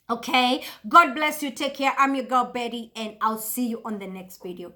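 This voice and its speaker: Woman vlogger ranting to camera, emphatic and repetitive, bright high voice. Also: steady tone, normal speed, hardly any pauses. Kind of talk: casual monologue to camera.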